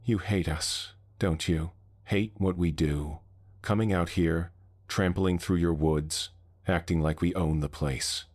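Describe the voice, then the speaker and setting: A man's voice: sits low, fairly even intonation, slow pace, darkish tone. A man voicing a frightened, bitter man in his fifties who steadies himself to face a monster. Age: 50s. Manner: shaky but steadying, bitter. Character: shaken middle-aged man facing a monster.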